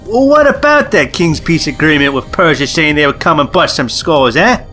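A man's voice: fairly high pitch, expressive, moderate pace, bright, forceful tone, soft background music. A man co-hosting a podcast, playfully cutting in with jokes in casual chat. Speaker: podcast co-host.

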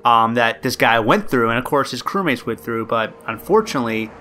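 A man's voice: medium pitch, animated, fairly quick, pushed and bright, slight background noise. A man hosting a podcast, telling a true story casually and rambling with many ums and uhs. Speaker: podcast host.

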